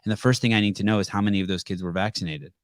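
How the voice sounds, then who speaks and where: Blunt, low-voiced male podcast host. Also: fairly even intonation, very fast, no room sound, clean studio sound. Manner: blunt storyteller with profanity. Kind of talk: casual call-in show chat.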